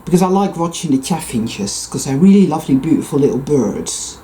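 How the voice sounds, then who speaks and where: A man with a mellow, rounded voice wanders through a loose monologue. He swears freely and breaks off his own sentences to go off on tangents. A faint hiss sits under the recording. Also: fairly high pitch, lively intonation, brisk. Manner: profane, digressive, frequent self-interruptions. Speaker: vlogger. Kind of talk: rambling personal monologue.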